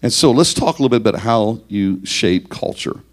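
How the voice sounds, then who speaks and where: Man, very deep voice, church leadership lesson, numbered points, rhetorical questions. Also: lively intonation, fairly quick. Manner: lists numbered points, asks rhetorical questions, repeats words. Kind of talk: leadership teaching talk.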